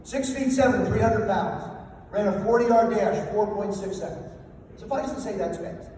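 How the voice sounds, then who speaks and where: A man's voice: sits high, moderate pace, warm tone. An older man giving a humorous motivational after-dinner speech, telling self-deprecating stories. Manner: anecdotal, self-deprecating storytelling. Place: banquet hall. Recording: echoey hall from far off, faint noise.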